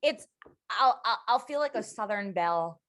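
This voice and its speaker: A young woman co-hosting a laid-back podcast, telling stories with lots of energy. She chats casually, bouncing between tales and quick asides, with an ordinary mid-range voice. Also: mid-range voice. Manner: animated storyteller, slips into playful voices. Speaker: podcast co-host. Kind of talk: casual chat.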